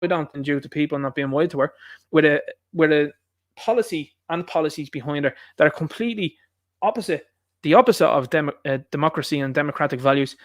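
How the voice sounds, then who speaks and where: An Irish man rattling through an opinionated political rant at a quick clip. His voice sits a little high for a man and sounds close and dry, with no room around it. He keeps firing rhetorical questions at his viewers. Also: no room sound. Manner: indignant ranting with rhetorical questions. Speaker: live stream host.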